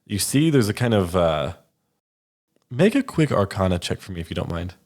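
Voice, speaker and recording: Low-voiced man narrating as game master. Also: very animated, normal speed, a little mellow. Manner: descriptive, casual, with many fillers.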